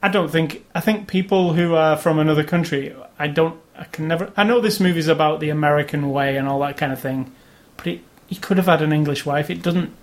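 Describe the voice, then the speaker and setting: A man's voice: fairly high pitch, fairly quick, hardly any pauses. Man co-hosting an opinionated movie chat. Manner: opinionated, runs through the cast list. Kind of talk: casual movie review chat.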